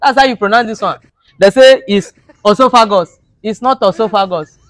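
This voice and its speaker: A man's voice: high-pitched, moderate pace, a bit bright, no echo. Mock-outraged comic man. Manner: mock-outraged, pleading, broken English for laughs. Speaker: comedian. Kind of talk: comic monologue to camera.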